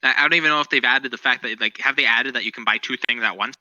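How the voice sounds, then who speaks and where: A man's voice: medium pitch, rapid-fire, bright, forceful tone, no room sound, dull audio. A man co-hosting a podcast, chatting casually about current events in a rambling, profane, opinionated way. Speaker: podcast co-host.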